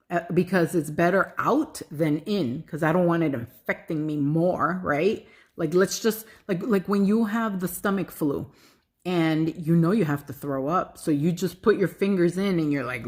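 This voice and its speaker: A middle-aged woman with a slightly low voice tells a personal story. She is animated and loose, drops the odd swear word and fills her talk with "like" and "you know". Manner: animated, swears freely, many fillers. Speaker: spiritual vlogger.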